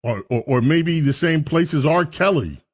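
A man's voice: fairly high pitch, animated, normal speed, breathy edge. A man hosting a talk radio show, rambling through a jokey, self-mocking monologue.

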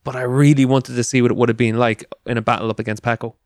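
A man's voice: mid-range voice, level tone, quick pace, dry recording. Man, dry close studio sound. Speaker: racing pundit. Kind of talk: studio discussion.

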